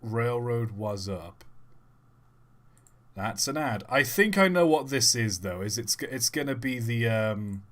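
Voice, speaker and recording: A man's voice: mid-range voice, lively intonation, normal speed, hardly any pauses, a bit bright. A man hosting a live stream, chatting casually and thinking aloud as he reacts to memes. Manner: rambling, thinking aloud with fillers. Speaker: livestream host. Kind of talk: casual livestream commentary.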